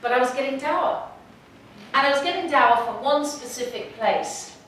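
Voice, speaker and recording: Middle-aged woman, lively humorous storyteller, fairly high voice, echoey hall, heard from a distance. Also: normal speed, a little hiss or hum. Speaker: speaker. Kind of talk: storytelling talk. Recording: echoey hall, mic from far off.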